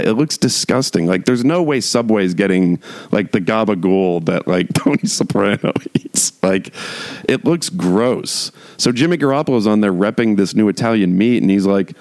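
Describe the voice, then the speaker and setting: Podcast host type: deep, gravelly male voice, dry close sound, loose and rambling with wry asides. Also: animated, normal speed, darkish tone, no echo. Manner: rambling, heavy use of "like", frequent restarts. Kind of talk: casual monologue chat.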